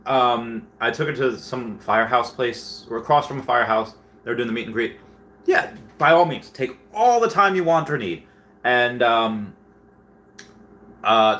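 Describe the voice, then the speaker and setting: A man's voice: medium pitch, pushed and bright. Rambling young man chatting on stream. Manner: rambling, self-deprecating storytelling with frequent fillers. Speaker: livestream host. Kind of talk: casual livestream chat reading viewer comments.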